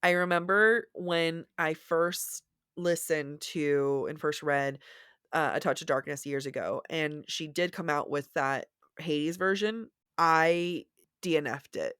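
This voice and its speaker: A woman's voice: deep voice, takes it slowly, fairly bright tone, smooth, dry recording, clean studio sound. A woman co-hosting a podcast, chatting casually about books in a rambling, self-deprecating way with many restarts. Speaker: podcast co-host. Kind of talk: casual book chat.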